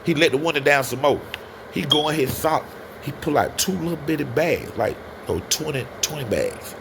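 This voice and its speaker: A man telling a personal story in a casual, animated way, often turning to his listeners. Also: on the high side, normal speed, creaky, noisy background. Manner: animated, addresses listeners as y'all. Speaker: storyteller guest.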